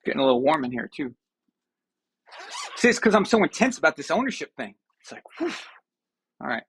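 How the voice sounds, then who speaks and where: A man hosting a live stream from a room at home. His voice sits a little higher than most men's, and he rants with mock outrage that swings between loud bursts and muttered asides. He talks straight to his viewers in a loose, casual way. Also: very animated, quick pace, husky. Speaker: host of a sports live stream.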